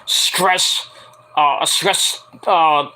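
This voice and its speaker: A man's voice: on the high side, steady tone, extremely slow, pushed and bright. A man rambling casually to camera as a wrestling vlogger, swearing freely and full of fillers. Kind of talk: casual profane chat to camera.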